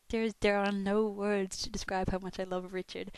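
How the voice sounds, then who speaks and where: A woman's voice: medium pitch, little pitch movement, a little slow, smooth, no echo. A young woman from Melbourne with an Australian accent, chatting casually and self-deprecatingly, swearing often and laughing a lot. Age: young adult. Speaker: fan answering a question tag. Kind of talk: casual audio vlog.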